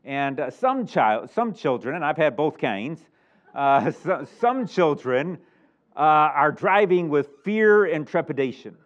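A middle-aged man preaching a sermon as a pastor, animated and emphatic, chuckling now and then. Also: fairly high pitch, takes it slowly. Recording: muffled lo-fi recording.

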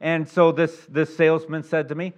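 A middle-aged man preaching a sermon as pastor, telling a story in a folksy way with many restarts, moving between quiet asides and loud, emphatic peaks. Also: fairly high pitch, little pitch movement, normal speed, muffled recording.

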